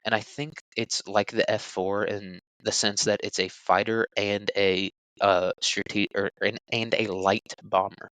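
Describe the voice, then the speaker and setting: A man's voice: lowish voice, flat delivery, unhurried, hardly any pauses, fairly bright tone, clear, resonant tone, dry recording, low-quality recording. A young man hosting a solo podcast, rambling crudely with jokes and lots of fillers. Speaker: podcast host. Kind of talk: casual solo podcast talk.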